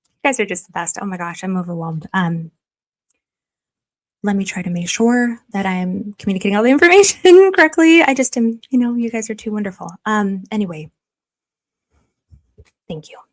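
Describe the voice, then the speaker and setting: A woman's voice: mid-range voice, normal speed, long pauses. A woman hosting a live stream, reasoning through evidence with frequent hesitations and gushing thanks to her viewers. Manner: chatty and effusive, often thanking viewers. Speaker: livestream host. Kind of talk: live-streamed investigative commentary.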